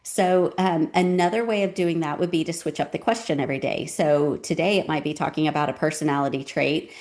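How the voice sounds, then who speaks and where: Woman, low voice, parenting advice, relaxed chatty delivery, casual talk to camera. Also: brisk. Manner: relaxed and conversational, with frequent "um" and "you know".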